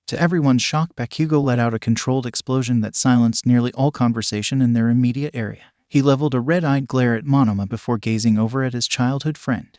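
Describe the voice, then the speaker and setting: Man reading a fanfic story, steady, mid pitch, dry close sound. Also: quick pace, few pauses, no echo. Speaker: narrator. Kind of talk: fan fiction reading.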